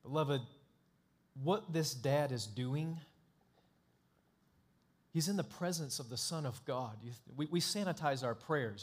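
Male pastor preaching, kinda high voice, dramatic, goes hushed then loud. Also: lively intonation, measured pace, pauses often, breathy edge. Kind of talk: sermon.

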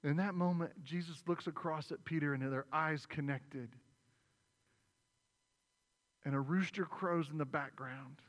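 A man's voice: a little high, steady tone, a little slow, pauses often. A man preaching a sermon as pastor, retelling a story vividly and acting out the voices. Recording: long reverb in a large hall.

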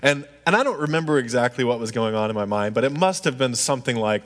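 A man delivers a storytelling sermon in a relaxed, conversational manner. He keeps checking in with his listeners. His voice rings with a long reverb in a large hall. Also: medium pitch, fast, few pauses. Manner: conversational, asks the audience "right?" often. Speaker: preacher.

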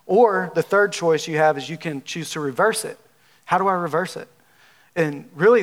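This pastor from Alabama has a slightly high, fairly bright male voice and a Southern drawl. He preaches his sermon in a folksy, conversational style, sprinkling in fillers like "like" and "you know."

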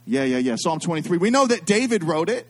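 Middle-aged male preacher with a high-pitched voice, animated and repetitive, drawing the congregation into call-and-response. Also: a little fast. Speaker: pastor. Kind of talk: sermon.

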